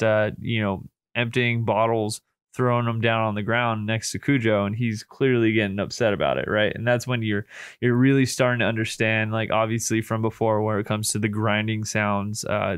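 A man's voice: on the low side, smooth, no room sound, clean studio sound. A man co-hosting a horror movie podcast, casually retelling scenes with lots of swearing and laughter. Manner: profane, laughing, retells scenes in quoted voices. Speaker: podcast co-host. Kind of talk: casual movie review chat.

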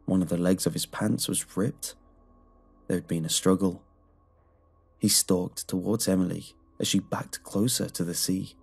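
Deep gravelly male horror narrator. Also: steady tone, measured pace. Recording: soft music underneath.

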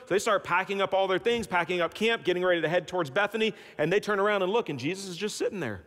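A man preaching a sermon as pastor, telling the story in an animated, folksy way with humorous asides. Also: fast talker. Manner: animated storytelling with big swings in pitch and loudness. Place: church sanctuary. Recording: long church-hall reverb.

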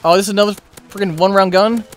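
A video game player giving live gameplay commentary, frustrated and swearing, swinging between loud outbursts and low muttering. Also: steady tone, very fast.

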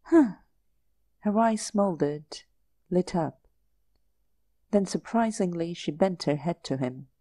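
Slow, mellow-voiced woman narrator. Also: on the low side, expressive. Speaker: audiobook narrator. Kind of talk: audiobook narration.

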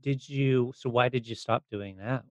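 A man hosting a podcast, asking his guest questions in a relaxed, conversational way. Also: medium pitch, measured pace, dry recording, highs cut off. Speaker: podcast host. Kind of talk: casual interview chat.

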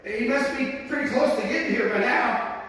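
A man's voice: very high-pitched, normal speed, a bit bright. An older man preaching a sermon as pastor, testifying about his life and often breaking into "praise God" and "amen". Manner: testifying, repeats praise phrases. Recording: echoey hall from far off.

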